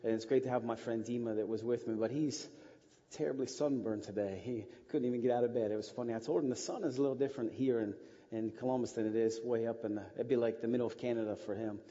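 Folksy missionary with a slight Russian twang. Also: male voice, mid-range voice, steady tone, fast, dark tone. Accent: slight Russian-tinged American. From Ohio, USA. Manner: folksy, rambling, with restarts. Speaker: missionary guest speaker. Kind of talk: church talk, storytelling. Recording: muffled hall recording.

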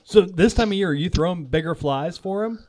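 Fairly high guy, podcast host, jokey laid back questions. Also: brisk, a little mellow. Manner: joking, playful questions. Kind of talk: casual phone interview.

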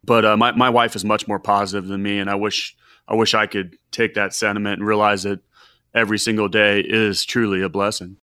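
A man's voice: on the low side, little pitch movement, fairly quick, bright, forceful tone, clear, resonant tone, no room sound, studio quality. A man in his forties, a financial advisor hosting a podcast, talking earnestly and reflectively with frequent restarts. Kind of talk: casual podcast chat.

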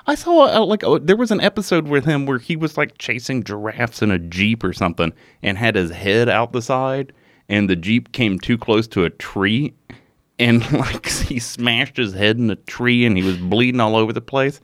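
A man's voice: mid-range voice, moderate pace, no room sound, clean studio sound. A man co-hosting a podcast, telling a true-crime story in casual chat and sometimes swearing. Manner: animated, swearing, laughs at himself. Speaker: podcast co-host.

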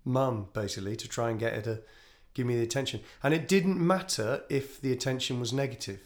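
A man's voice: mid-range voice, a little fast. A man, hosting a casual podcast chat from an empty shop, jokey and rambling. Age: 40s. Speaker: podcast host.

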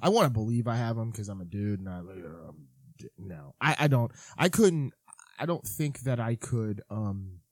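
A man's voice: lowish voice, lively intonation, no echo. Rambling man with dry close sound. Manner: rambling, halting restarts, says bro. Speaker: podcast co-host. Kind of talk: casual chat.

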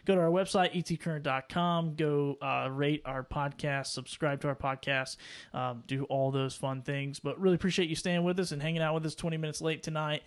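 A man co-hosting a live podcast, talking with excited, rambling energy. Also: on the high side, fairly quick, smooth. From North Carolina. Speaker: podcast co-host. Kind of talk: casual live-stream chat.

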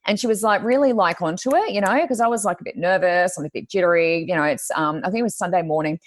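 Speaking fast with a fairly low pitch, a woman guest, a Reiki healer and reader, chats casually. The recording is studio quality with no room sound, and she tells chatty stories while acting out what others said.

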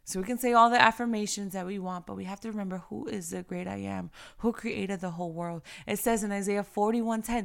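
A woman's voice: medium pitch, steady tone, fairly quick, creaky, few pauses. A young woman speaking fervently to her listeners, quoting scripture and sharing her own struggles in a personal, encouraging way. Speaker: faith speaker.

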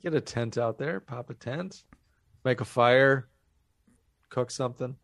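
A man's voice: mid-range voice, measured pace, no room sound. A man hosting a podcast, casually and crudely retelling a film's plot with jokes. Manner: crude, joking plot recaps. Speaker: podcast host.

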